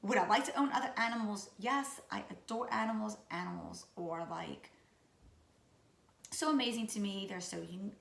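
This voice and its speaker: Woman late 30s, Louisiana accent, raspy sick voice, goofy chatty vlog, roomy echo. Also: mid-range voice, moderate pace, a bit bright. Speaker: vlogger. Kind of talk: casual chat to camera. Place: room at home.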